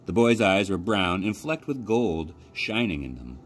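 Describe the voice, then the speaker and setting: A man from a library youth program reading a children's novel aloud as expressive storytelling. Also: unhurried, a little hiss or hum. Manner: expressive storytelling with lively pitch. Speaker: library youth services coordinator. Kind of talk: children's book read-aloud.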